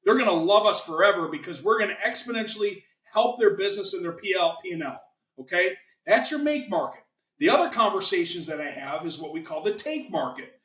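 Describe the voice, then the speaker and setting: A chatty, enthusiastic American man pitching his business as a guest, his voice pitched a little high. He sounds like he's in a roomy, echoing space, talking loosely and casually. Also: lively intonation, a little fast, fairly bright tone. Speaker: guest, financing consultant. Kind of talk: casual interview chat.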